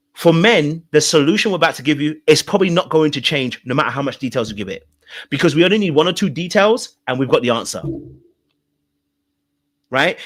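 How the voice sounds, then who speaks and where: A man coaching viewers on relationships in a live-stream talk, emphatic and repetitive, often checking in with the audience. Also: a little high. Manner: emphatic, repeats points, checks in with "okay? all right?".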